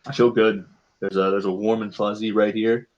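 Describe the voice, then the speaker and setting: A man's voice: fairly low pitch, flat delivery, normal speed, lo-fi sound. A man chatting casually as a player on a tabletop game podcast, easygoing and chuckling. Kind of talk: casual chat.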